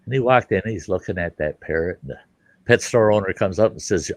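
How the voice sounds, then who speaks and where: A middle-aged man hosting, telling a joke in a folksy, animated, casual way. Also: deep voice, a little fast, dry recording. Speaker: storyteller host.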